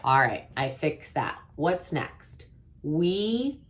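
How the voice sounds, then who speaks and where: A woman's voice: low-pitched, lively intonation, drawn-out words. A woman kindergarten teacher giving a remote writing lesson to young children, sounding out letters and stretching her words.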